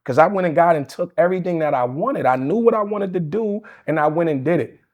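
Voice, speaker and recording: A man's voice: a little high, lively intonation, fast. A man, a union leader in a casual interview, blunt, profane and argumentative. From Queens, New York.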